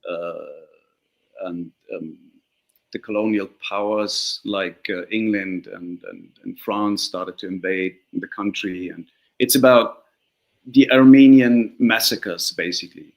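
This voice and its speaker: A man's voice: lowish voice, takes it slowly, highs cut off. A man, an actor whose first language is Turkish, chatting in a casual interview and acting out the people in his stories. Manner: animated storyteller, acts out quoted voices.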